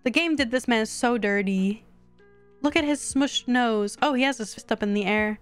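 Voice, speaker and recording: A young woman streaming a life-sim game, chatting casually to her viewers and getting excitable. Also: a little high, normal speed, clear, resonant tone, faint music behind. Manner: chatty, excitable, talks to chat. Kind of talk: casual gameplay commentary.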